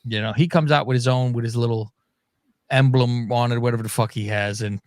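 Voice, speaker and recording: A man's voice: medium pitch, brisk, no room sound, clean studio sound. A man co-hosting a podcast, recapping wrestling in a casual, profane way. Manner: profane, animated recapping with quoted voices. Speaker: podcast co-host.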